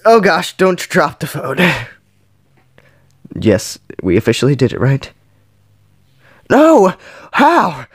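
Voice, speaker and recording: A man plays a phone game and counts every flip out loud, with his pitch leaping high on misses and dropping low on the counts. He talks slowly, with plenty of pauses between bursts. The sound is dry and close, with no room echo. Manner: counts flips aloud, yelps and groans at misses. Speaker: gaming channel host. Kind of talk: playing a mobile game while counting aloud.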